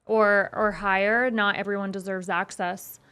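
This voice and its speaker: A woman's voice: medium pitch, steady tone, measured pace, sharp tone, smooth. Self-assured young woman guest. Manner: firm, self-assured about her standards. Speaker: podcast guest. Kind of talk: casual podcast chat.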